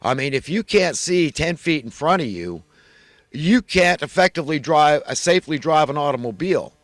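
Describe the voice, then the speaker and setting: A man's voice: a little high, lively intonation, moderate pace, no echo. Man with a raised voice, dry close sound. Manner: earnest, swinging from loud urgent preaching to quiet confession; religious, ranting about elites. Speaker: channel host. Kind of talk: impassioned spoken monologue.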